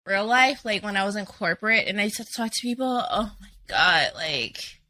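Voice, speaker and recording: A woman hosting a podcast in casual chat, loud and profane, laughing a lot. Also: mid-range voice, lively intonation, moderate pace. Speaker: podcast host.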